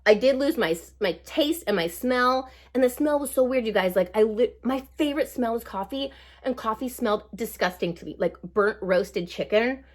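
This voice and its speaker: A woman's voice: fairly high pitch, lively intonation, moderate pace. A woman in her forties chatting through a life update while putting on her makeup, bubbly and rambling with lots of asides. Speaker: beauty vlogger.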